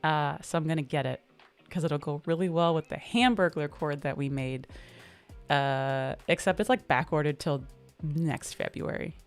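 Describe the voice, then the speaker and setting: Casting: woman with a low, deep voice, laid-back livestream host, chatty and upbeat, faint music underneath. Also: clear, resonant tone. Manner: chatty, reads out and answers viewer comments; relaxed, upbeat, drawn-out fillers. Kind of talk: casual livestream chat.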